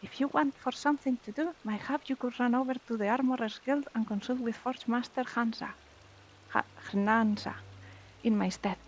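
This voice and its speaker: A woman's voice: fairly high pitch, steady tone, normal speed, highs cut off, slight background noise, pitched above the performer's own voice, natural voice. Woman reading a small cheerful fisher. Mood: earnest.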